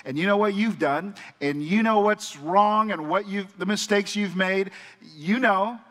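A man's voice: sits high, a little slow, fairly bright tone. A man voicing Satan as an accuser, in a sneering, accusing tone. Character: accusing whispering devil, male spirit. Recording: church hall with long reverb.

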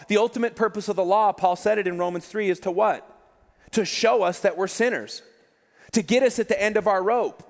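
A man's voice: sits high, fairly quick. A male pastor preaching a sermon with passion, often repeating words as he builds emphasis. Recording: long hall reverb.

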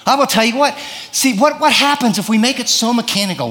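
A man's voice: extremely high pitch, expressive, fairly quick, a bit bright, long reverb tail. A man preaching a sermon in a conversational way, acting out prayers and telling stories. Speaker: pastor.

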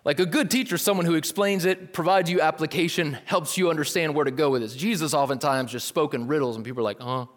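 A man's voice: a little high, fast, hardly any pauses. Man preaching casually in a reverberant hall. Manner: casual, lively preaching with slang asides. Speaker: pastor. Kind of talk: sermon.

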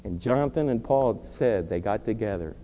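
A man's voice: lowish voice, expressive, normal speed, dark tone, highs cut off. A middle-aged man preaching a sermon as pastor, earnest and emphatic, mixing direct appeals with confessional asides. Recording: long hall reverb, faint hum.

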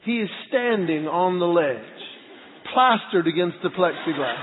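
Middle-aged pastor telling stories, tinny hall echo. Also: male voice, sits high, a little slow, slight background noise. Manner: animated, acts out dialogue in the story. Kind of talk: storytelling sermon. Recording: tinny lo-fi audio with long hall reverb.

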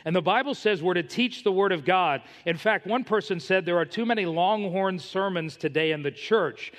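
A man's voice: high-pitched, normal speed, a bit bright, big-room sound. A man preaching a sermon as pastor, emphatic and telling stories to make his points.

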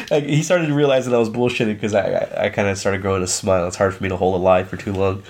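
A man's voice: fairly low pitch, steady tone, quick pace. A young man co-hosting a podcast, telling a rambling story in casual chat and laughing through it. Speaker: podcast co-host.

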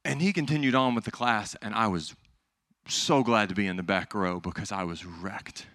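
Bright, emphatic young man preaching. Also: lowish voice, normal speed, no room sound, clean studio sound. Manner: animated and emphatic, swinging between loud and hushed. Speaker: pastor. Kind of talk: sermon.

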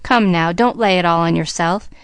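A woman's voice: on the low side, normal speed, clean tone, dry recording, close to an everyday voice. A woman voicing a tomboyish girl speaking with eager, mock-formal earnestness.

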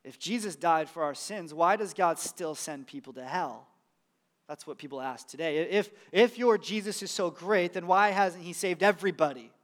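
A man's voice: fairly high pitch, normal speed. A man, a pastor, preaching a sermon in a conversational, emphatic way with casual asides.

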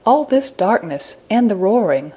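A woman's voice: medium pitch, big pitch swings, a little slow, mellow, slightly rough. A woman voicing a frightened young man in a storybook reading, speaking in a trembling half whisper.

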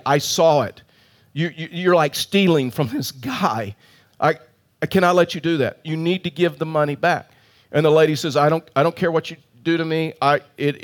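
A middle-aged male pastor preaching an earnest sermon, telling a story with emphatic repeated phrases. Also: on the high side.

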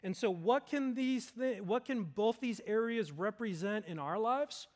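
A man with a notably high voice delivers a sermon from the pulpit. He preaches earnestly, building to loud, emphatic peaks and then sinking low and slow for the weighty lines. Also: animated. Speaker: pastor.

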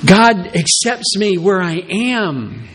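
Animated, slow-preaching male pastor. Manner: animated preaching, acts out Peter's reluctant excuses in a high voice. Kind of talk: sermon.

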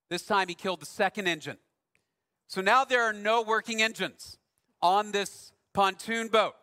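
A man preaching a sermon, telling a personal story in a relaxed, conversational way with dry self-deprecating humor. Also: high-pitched, normal speed, in a large hall. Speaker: pastor.

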